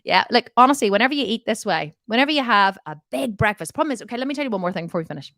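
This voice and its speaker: A woman's voice: on the high side, lively intonation, rapid-fire, fairly bright tone, no room sound, clean studio sound. A woman diet coach answering viewer questions in a live Q&A, blunt and direct, often laughing and swearing jokingly.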